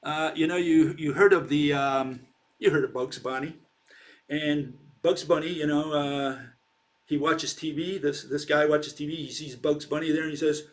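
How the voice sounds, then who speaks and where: Delivering an informal science lecture at a moderate pace, this man has a fairly high-pitched, steady voice. He speaks emphatically, ridicules critics, and repeatedly asks "okay?".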